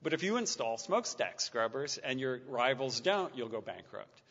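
In a muffled lecture hall full of long reverb, a lecturer with a mid-range, fairly bright, sing-song voice speaks at a moderate pace. After his talk he fields questions from the audience, joking dryly and stumbling into frequent restarts.

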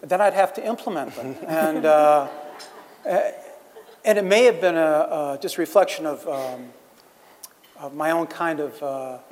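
A man's voice: on the high side, unhurried, a little mellow, a little hiss or hum. Hesitant man in a reverberant hall. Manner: hesitant, many restarts and fillers. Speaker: panel guest, writer. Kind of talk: panel discussion.

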